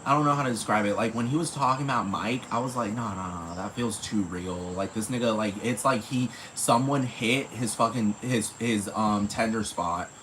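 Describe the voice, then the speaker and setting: A man's voice: medium pitch, moderate pace, few pauses, fairly bright tone, a little hiss or hum, low-quality recording. A man hosting a solo podcast, rambling in casual, profane commentary and asking again and again whether the listener knows what he means. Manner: rambling, profane, repeats "you know what I'm talking about". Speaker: podcast host.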